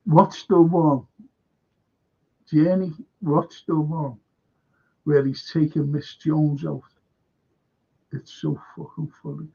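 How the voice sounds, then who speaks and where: A man hosts a casual live fan stream, drawling through anecdotes and breaking into laughter as he swears freely. His voice is gravelly and slightly husky, set a little higher than usual. The audio is dull and lo-fi. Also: flat delivery, slow pace, long pauses, dark tone. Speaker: host of a football fan show.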